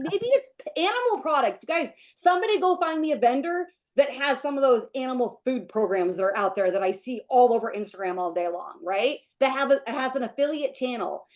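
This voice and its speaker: Gushing woman giving a pep talk. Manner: gushing, emotional, breaks into high excited chants. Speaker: team leader hosting a sales meeting.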